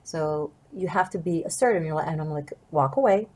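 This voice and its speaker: A woman's voice: low voice, fairly even intonation, brisk, rough recording. A woman tarot reader and martial artist telling a personal story to her viewers in an earnest, reflective, wandering way. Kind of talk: casual storytelling to camera.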